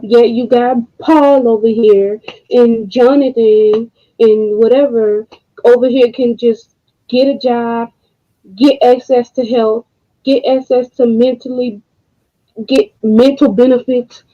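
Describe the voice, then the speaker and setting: A woman's voice: fairly high pitch, steady tone. Frustrated woman close to tears. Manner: frustrated, halting, profane. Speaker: co-host. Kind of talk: emotional commentary. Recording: dull lo-fi home recording.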